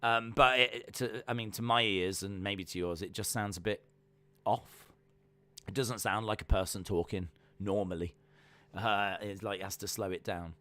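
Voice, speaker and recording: A male live streamer who talks in a loose, rambling way, often pausing on "uh" and "um" and reading out viewer comments. His voice is fairly low but bright and forceful. The sound is close and dry, with almost no room around it. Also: fairly even intonation, dry recording. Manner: casual and rambling, many fillers, reads viewer comments aloud. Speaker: wrestling stream host. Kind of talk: live reaction stream chat.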